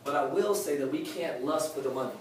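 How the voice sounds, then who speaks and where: A man delivers a live motivational talk to a room, preachy and fond of saying his points twice. His somewhat high voice comes from away from the mic and rings through a very echoey hall. Faint room noise sits under it. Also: fairly quick, distant mic. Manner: preachy, repeats key lines for emphasis. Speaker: motivational speaker at a sales meeting.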